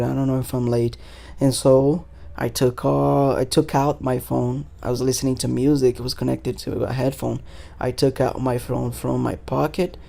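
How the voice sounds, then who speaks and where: A man's voice: medium pitch, vocal fry, warm tone. A young man, a podcast host telling a story in loose, casual talk full of swearing and fillers. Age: 20s.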